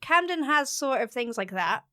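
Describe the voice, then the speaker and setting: A woman's voice: high-pitched, sing-song, moderate pace, bright, forceful tone. A woman guest, a vocal coach, chatting casually and hedging with fillers as she talks. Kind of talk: casual chat.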